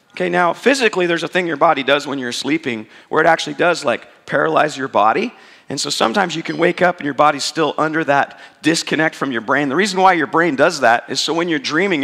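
A man with a fairly high, gravelly voice preaches a sermon. He tells stories in a lively, conversational way and acts out the voices in his quotes. His voice rings out with a long reverb in a church hall. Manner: storytelling, animated and conversational, acting out quotes. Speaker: pastor.

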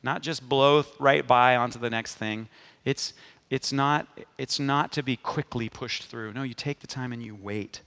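Gravelly man preaching in a reverberant hall. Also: medium pitch, fairly even intonation, normal speed, a bit bright. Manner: emphatic preaching, repeated 'amen?' to the congregation. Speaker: pastor. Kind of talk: sermon.

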